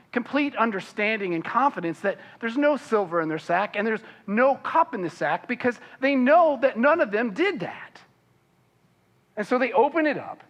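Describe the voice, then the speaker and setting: High-voiced man preaching a sermon. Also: big-room sound. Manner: reads scripture then explains it with many fillers and restarts; animated, voicing the characters' protests with rising pitch. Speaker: pastor.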